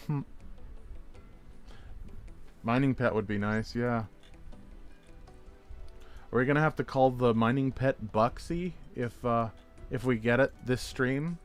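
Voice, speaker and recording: Male game streamer, mid-pitched, chatty and jokey, faint music under him. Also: slow pace, long pauses, clean tone. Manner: chatty, rambling, reacts to chat messages; jokey, playful wordplay. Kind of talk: casual gameplay chat.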